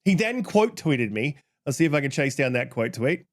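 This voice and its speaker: A man hosting his channel, ranting heatedly about an online argument, swearing a lot and reading out tweets in a flatter voice. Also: mid-range voice, moderate pace. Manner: heated, profane, exasperated. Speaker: channel host. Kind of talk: ranting commentary.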